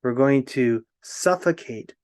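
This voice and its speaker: A man's voice: mid-range voice, takes it slowly, a little mellow, close to an everyday voice. A man voicing small stranded fish who plead in a sorrowful tone.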